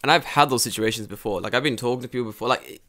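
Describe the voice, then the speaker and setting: A man's voice: medium pitch, very fast. A man co-hosting a podcast, telling stories in casual chat, swearing a lot and acting out quotes. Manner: profane, animated storytelling with acted-out quotes. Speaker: podcast co-host.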